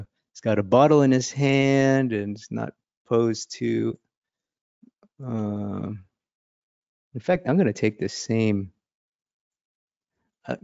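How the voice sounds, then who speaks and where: A man's voice: fairly low pitch, creaky, a little mellow, no echo, dull audio. A man teaching a casual drawing lesson. He talks and laughs as he thinks aloud while sketching. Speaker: art instructor.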